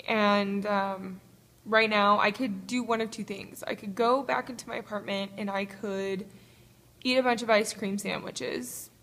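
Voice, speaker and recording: Woman, tearful, halting, nervous laughs, confessional vlog, phone held close, small gym. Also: mid-range voice, fairly bright tone. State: tearful, crying. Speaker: vlogger. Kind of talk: emotional personal video diary. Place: small apartment-complex gym, indoors. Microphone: phone held to the face.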